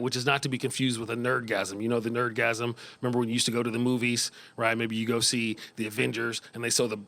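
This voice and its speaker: A middle-aged American man doing a stand-up set in a small club, animated, often jumping into high voices. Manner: animated, jumps into high squeaky voices for kids. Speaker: stand-up comedian. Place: small comedy club stage.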